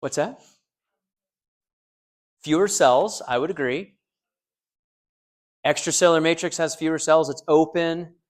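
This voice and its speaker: A man's voice: fairly high pitch, unhurried, long pauses. A man lecturing a small university class, joking and quizzing students, with frequent restarts. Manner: joking, asks the class questions, repeats students' answers; frequent restarts and fillers, loose conversational delivery.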